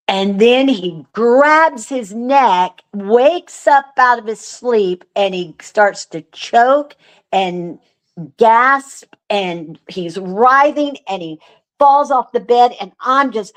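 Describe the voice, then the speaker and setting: A woman guest telling a story in casual chat, earnest and animated, with lots of fillers. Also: mid-range voice, slow. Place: remote call.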